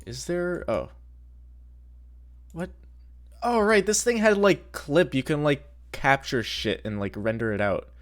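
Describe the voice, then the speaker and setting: Male streamer, casual rambling commentary, lively pitch, profane. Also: measured pace, pauses often. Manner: rambling, swearing, excitable.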